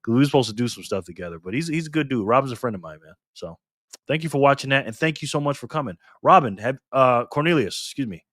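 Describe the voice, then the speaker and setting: A man hosting a live stream and reading out viewer comments in casual chat, excitable and chatty, his pitch and volume swinging widely. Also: quick pace, no echo, studio quality.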